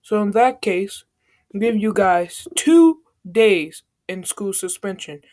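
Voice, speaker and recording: A woman's voice: mid-range voice, lively intonation, slow, a little mellow. A woman voicing a stern adult male teacher laying down discipline. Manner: firm, authoritative.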